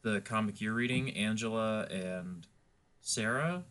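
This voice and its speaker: A man's voice: lowish voice, unhurried, fairly bright tone, clean tone. A man co-hosting a podcast in casual chat, rambling and laughing easily. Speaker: podcast co-host.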